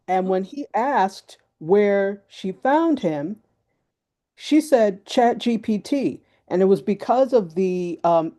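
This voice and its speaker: A woman with a lowish, mellow voice tells a short story to a live call. She speaks in a relaxed way, with a few pauses and fillers. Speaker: guest participant. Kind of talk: casual live-stream talk.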